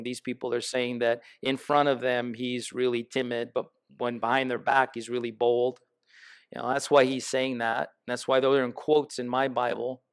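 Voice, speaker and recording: A man's voice: medium pitch, clear, resonant tone. A man preaching a sermon as pastor in a church, building emphatic lists and asking the congregation questions. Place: church sanctuary.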